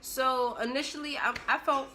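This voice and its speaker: A young woman telling a personal story in a casual, animated way, with sudden bursts of loudness. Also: sits high, normal speed, slight background noise. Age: young adult. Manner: animated, expressive, with big jumps in loudness.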